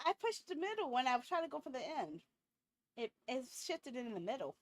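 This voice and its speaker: A young woman streaming a game, chatting casually in quick, giggly asides. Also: sits high, sing-song, dry recording. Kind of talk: casual chat while playing a game.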